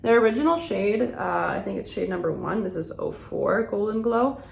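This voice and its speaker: A beauty vlogger with a mid-range, expressive, gravelly voice chats through a get-ready-with-me makeup routine at a moderate pace. She rambles, saying "like" a lot and laughing often. The sound is reverberant.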